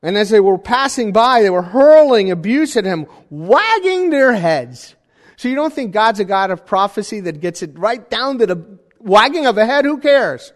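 High-voiced man preaching in an echoing hall. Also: moderate pace. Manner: conversational, jokey asides, animated emphasis. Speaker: pastor. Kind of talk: sermon.

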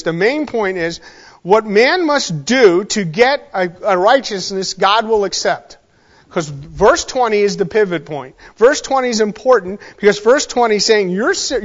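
A man's voice: high voice, dull audio. A man preaching a sermon in a conversational way, often checking in with his listeners. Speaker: pastor.

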